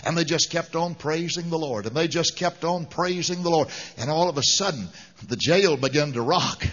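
A male preacher with a high, bright, forceful voice gives an emphatic, fervent sermon. The sound is dull and lo-fi, with a long reverb trailing behind him as if in a large hall. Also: normal speed.

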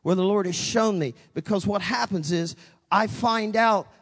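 A man's voice: high-pitched, moderate pace, long reverb tail. A pastor preaching a sermon, telling a story with dramatic swings, acting out both his own voice and God's. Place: church sanctuary.

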